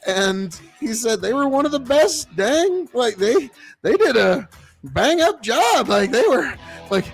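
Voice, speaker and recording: High-voiced man chatting casually. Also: takes it slowly, vocal fry, breathy edge, soft background music. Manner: rambling, profane, easily excited. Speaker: livestream host and seed farmer. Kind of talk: casual livestream chat.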